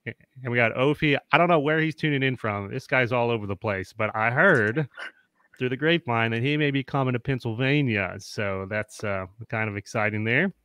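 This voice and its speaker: A chatty, upbeat man hosts a live-streamed panel and greets viewers by name. His voice is smooth and resonant. The sound is dry and close. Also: medium pitch, brisk, pushed and bright, dry recording. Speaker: host.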